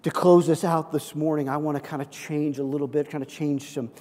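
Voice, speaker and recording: A man preaching a sermon as pastor, swinging between loud emphasis and soft near-whispers. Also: a little high, level tone, fairly quick. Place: church sanctuary. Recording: long hall reverb.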